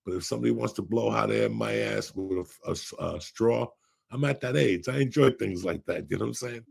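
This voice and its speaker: A man's voice: fairly low pitch, brisk, gravelly, darkish tone, slightly rough. A man in his sixties, a podcast co-host, telling rambling, profane stories in casual chat. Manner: profane, rambling storyteller with bursts of laughter.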